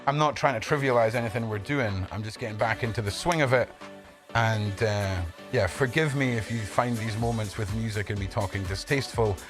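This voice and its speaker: A man's voice: lowish voice, brisk. A man hosting a livestream, talking bluntly and swearing freely as he greets viewers by name. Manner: greets chat members by name. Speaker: livestream host. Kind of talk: casual livestream talk. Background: faint background music.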